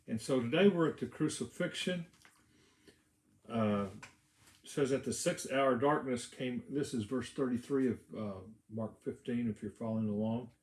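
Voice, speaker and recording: A man's voice: lowish voice, a little mellow. Man preaching in an echoey church. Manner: conversational preaching with many fillers and restarts. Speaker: pastor. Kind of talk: sermon. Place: church sanctuary.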